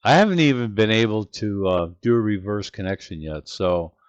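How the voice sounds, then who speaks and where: A man's voice: lowish voice, animated, normal speed, dry recording, highs cut off. An older man hosting his channel, talking over clips in an earnest, reflective way. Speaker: channel host narrating clips. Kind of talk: casual commentary.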